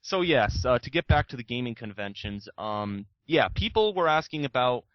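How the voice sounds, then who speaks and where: A man's voice: mid-range voice, very animated, normal speed, no echo, lo-fi sound. A young man talking as a podcast guest, rambling and frank, swearing casually. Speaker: guest YouTuber.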